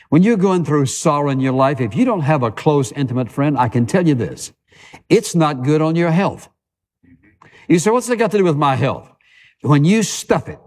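A man's voice: medium pitch, darkish tone. Man preaching in a reverberant church. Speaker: pastor. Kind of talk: sermon. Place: church sanctuary. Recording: long hall reverb.

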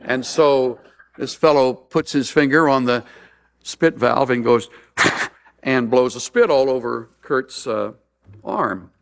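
A man's voice: mid-range voice, takes it slowly. A man preaching a sermon as a pastor, mixing humorous stories with earnest appeals.

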